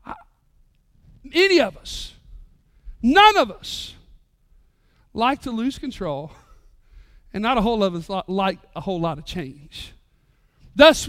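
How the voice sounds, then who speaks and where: A middle-aged male pastor, preaching a sermon with animated, joking stories. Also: very high-pitched, no room sound, clean studio sound.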